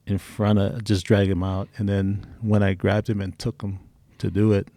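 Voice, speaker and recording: A man's voice: lowish voice, little pitch movement, normal speed, warm tone, no echo. A middle-aged man telling personal stories in a casual interview, candid and blunt. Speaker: interview guest.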